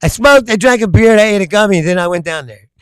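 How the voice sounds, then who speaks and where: A man from Kentucky, chatting casually with his viewers, telling loud stories and laughing often. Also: sits high, quick pace, clean tone, dry recording. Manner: laughing often, loud storytelling with sudden shouts. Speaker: comedian streamer. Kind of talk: casual chat with live chat.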